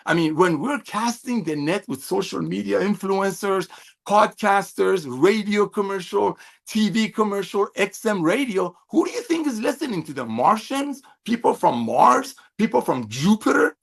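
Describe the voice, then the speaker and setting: A man's voice: sits high, expressive, moderate pace, creaky, husky. A middle-aged man giving a fervent, preachy sales training talk over a video call, firing off rhetorical questions and gushing praise. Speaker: network marketing trainer.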